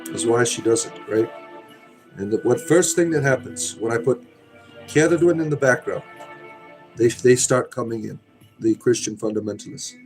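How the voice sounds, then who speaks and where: A man's voice: medium pitch, lively intonation, moderate pace, long pauses, a little mellow, soft background music. A middle-aged man hosting a casual livestream, reading chat aloud in a rambling, sardonic, irreverent way.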